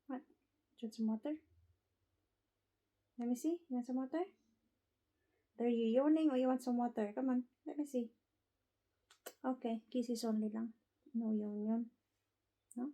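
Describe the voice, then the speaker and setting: A woman's voice: a little high, mellow, poor audio. A woman with a Filipino accent, talking baby talk to her pet birds in a cooing, sing-song way.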